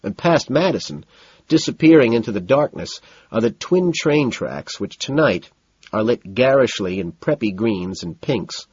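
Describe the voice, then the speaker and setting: A male narrator reads a first-person story in a cool, detached way, cataloguing details one after another. His voice is husky but moves lively in pitch. The recording is dry and a little dull. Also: unhurried, no echo.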